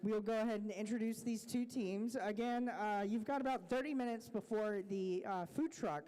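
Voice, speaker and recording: A roller derby announcer introducing bouts and teams live in an easygoing, joking way, with many pauses. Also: mid-range voice, dark tone.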